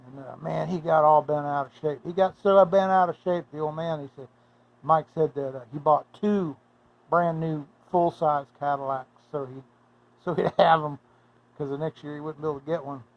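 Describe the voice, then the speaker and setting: A man spins a casual, rambling yarn, full of halts and restarts. His voice sits somewhat high for a man. The recording is dull and lo-fi. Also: steady tone, gravelly. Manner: rambling, halting, folksy. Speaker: storyteller. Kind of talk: casual folksy storytelling.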